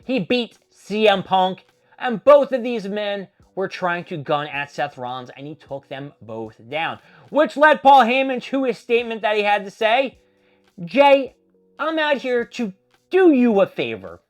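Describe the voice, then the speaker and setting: A man giving a casual, profanity-filled solo recap of a wrestling show, rambling and animated as he tells what happened. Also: sits high, unhurried, faint music behind.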